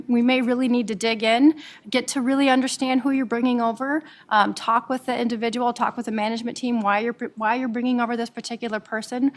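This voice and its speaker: A woman from Nebraska, an immigration attorney, presenting a webinar quickly with frequent "um"s and repeated words. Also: fairly high pitch. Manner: fast-talking, with frequent fillers and repeated words. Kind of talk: professional presentation.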